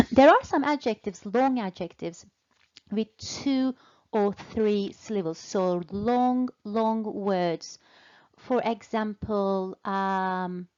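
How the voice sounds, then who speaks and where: A woman teaching English in a slow, deliberate way, patiently repeating and stretching out key words for learners. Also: mid-range voice, darkish tone, highs cut off. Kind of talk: slow, deliberate language lesson.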